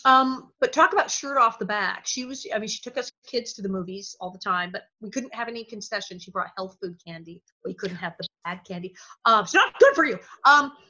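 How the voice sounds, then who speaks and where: A woman being interviewed as a guest, telling animated stories, often laughing and acting out the voices of people she quotes. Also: mid-range voice, fairly quick, hardly any pauses, muffled recording. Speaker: guest, former actress.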